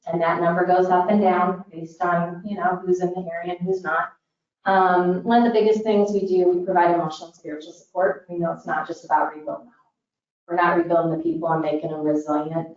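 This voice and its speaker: A woman's voice: on the low side, fairly even intonation, a little fast, darkish tone. A woman from Northern Indiana with a northern US accent, giving an earnest public forum presentation for a disaster recovery group, with many "um" fillers. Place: large meeting room. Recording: echoey hall, distant, dull mic.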